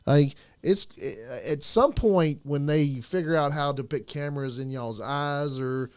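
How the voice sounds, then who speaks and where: Easygoing co-host with dry sound. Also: male voice, on the high side, a little slow, clear, resonant tone, dry recording. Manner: easygoing, hesitant, lots of fillers and restarts. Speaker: podcast co-host. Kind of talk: casual podcast chat.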